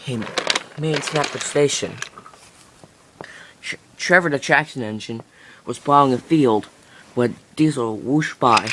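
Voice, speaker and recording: A man's voice: medium pitch, slow pace, long pauses, a bit bright, slight background noise. A man improvising narration of a toy train story, rambling with many restarts and fillers.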